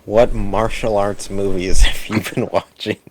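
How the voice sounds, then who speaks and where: Low-voiced man leading podcast chat. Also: fairly even intonation, measured pace, a little mellow, rough recording. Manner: laughing, steering the talk with questions. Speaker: podcast co-host. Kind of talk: casual chat.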